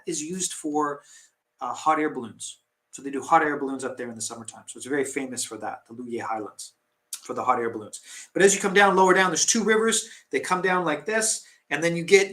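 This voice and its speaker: A man talks casually on a live stream, his voice sitting a little high for a man. He rambles and restarts, often poking fun at himself. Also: pushed and bright. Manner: rambling, chatty, self-deprecating with laughs and restarts. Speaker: tea seller hosting a live stream.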